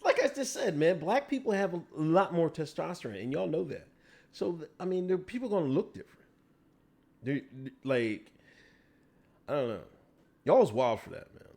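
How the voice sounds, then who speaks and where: A man's voice: fairly high pitch, big pitch swings, normal speed, vocal fry, pauses often, darkish tone. A man hosting a casual livestream, ranting and talking back to his chat with lots of profanity. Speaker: livestream host.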